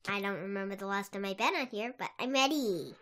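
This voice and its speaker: A man voicing a giddy, childlike sidekick in a high baby voice, full of eager questions. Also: lively intonation, brisk, sharp tone. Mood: excited. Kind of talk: comedy podcast bit.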